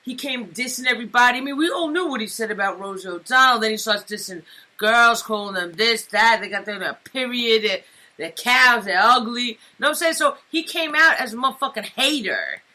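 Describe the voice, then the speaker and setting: Bright-voiced streetwise woman co-host. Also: a little high, lively intonation, brisk. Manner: streetwise, chatty, keeps asking "you know what I'm saying". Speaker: radio co-host. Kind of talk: casual crude banter.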